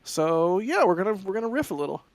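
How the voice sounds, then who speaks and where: A man's voice: sits high, sing-song, fast talker, dry recording. A man co-hosting casual live commentary, rambling a little, hedging his guesses and cracking puns. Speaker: stream co-host.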